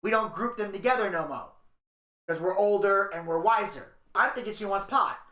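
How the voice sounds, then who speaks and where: A man's voice: high voice, normal speed, roomy sound. A man co-hosting a podcast, telling stories in casual chat, swearing freely and acting out what people said. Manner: animated storyteller, swearing, acts out quotes. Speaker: podcast co-host.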